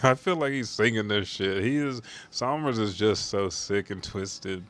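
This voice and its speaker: A man's voice: lowish voice, a little slow, hardly any pauses, a bit bright. A man hosting a live comic reaction stream, talking casually with profane, laughing asides. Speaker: host.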